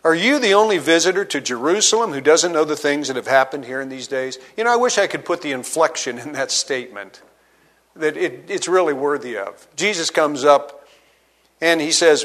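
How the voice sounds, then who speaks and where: High-voiced male preacher. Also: lively intonation, moderate pace. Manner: expository preaching, reads scripture aloud and paraphrases it conversationally; dynamic delivery, drops low and quiet for emphasis. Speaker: pastor. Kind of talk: sermon.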